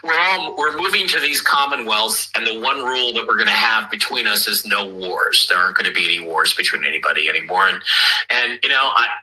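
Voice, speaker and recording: American man, guest on a chat show, rambling, bright-edged voice, radio-like sound. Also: on the low side, fairly quick, poor audio. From United States. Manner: chatty, rambling, with many restarts. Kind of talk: casual chat.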